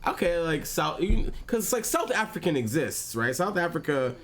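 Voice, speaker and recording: A man hosting a game stream in casual chat, halting and repeating his words, often laughing. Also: on the high side, very animated, a bit bright. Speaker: host of gaming stream. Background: faint game music.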